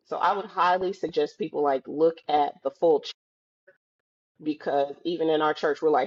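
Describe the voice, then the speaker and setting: A woman with a fairly low voice chats casually as a podcast guest, telling animated stories and slipping into the voices of the people she quotes. The sound is a bit dull and lo-fi, like audio from a video call. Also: normal speed, slightly rough. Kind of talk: casual chat.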